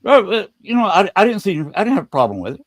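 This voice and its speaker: A man hosting a podcast, telling a story in a casual, halting way and often repeating words. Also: high-pitched, sing-song.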